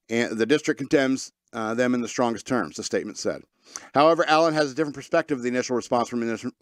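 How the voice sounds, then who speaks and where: A man hosts a casual talk radio show, reading stories aloud and breaking off for sarcastic asides. His voice sits at a middling pitch. The sound is dry and close to the mic, with no room around it. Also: no echo. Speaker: podcast host reading news.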